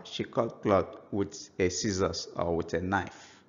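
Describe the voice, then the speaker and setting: A man giving a language lesson, slowly and patiently explaining example phrases. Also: sits low, muffled recording. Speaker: language teacher.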